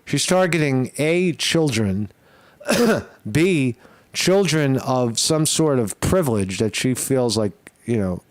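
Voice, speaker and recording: A man hosting a political commentary show, ranting bluntly and profanely with many halting restarts. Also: mid-range voice, no echo.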